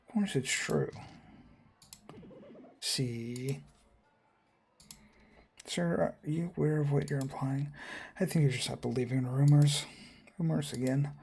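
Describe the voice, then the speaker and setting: A man reads a visual novel's lines aloud, voicing the cast himself. His voice is gravelly and a little husky, with a mellow, dark tone. He moves quickly and stumbles, often restarting words mid-line. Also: fairly high pitch. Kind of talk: reading game dialogue aloud.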